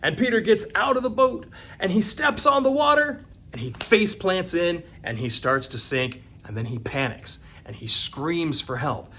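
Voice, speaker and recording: A man serving as a parish youth minister, teaching confirmation in a conversational, animated storytelling manner. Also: high-pitched, normal speed, slight background noise. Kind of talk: confirmation catechesis video.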